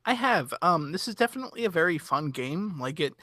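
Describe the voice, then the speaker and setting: A man's voice: on the high side, sing-song, brisk, bright, forceful tone, dry recording, clean studio sound. A man co-hosting a podcast, chatting casually and explaining details with lots of fillers. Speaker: podcast co-host. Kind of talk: casual chat.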